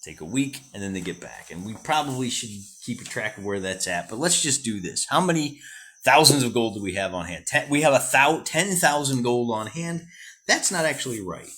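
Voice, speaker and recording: A man's voice: medium pitch, expressive, fairly quick, a bit bright, slight background noise. An American man hosting a solo wargame session, chatting casually and thinking aloud as he works out sums and rolls dice.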